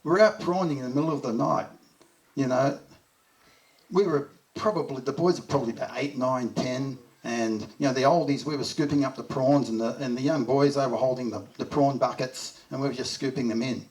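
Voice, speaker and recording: Speaking briskly in a medium-pitched, darkish voice, a middle-aged Australian man shares warm stories at a memorial, laughing softly as he recalls them. He's recorded from some distance away from the microphone.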